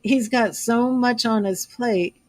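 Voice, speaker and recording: A woman's voice: a little high, takes it slowly, a little mellow, no room sound. A woman giving a live tarot reading, talking earnestly and gushing with emotion, a little teary-eyed. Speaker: tarot reader.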